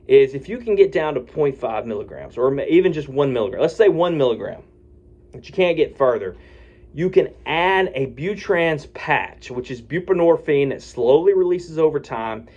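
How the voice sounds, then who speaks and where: A man's voice: mid-range voice, lively intonation, normal speed, darkish tone, dull audio. A man who is a physician, explaining a medication taper in a casual, folksy way and often checking in with "okay?" and "right?". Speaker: physician giving addiction-medicine advice. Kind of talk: casual talk to camera.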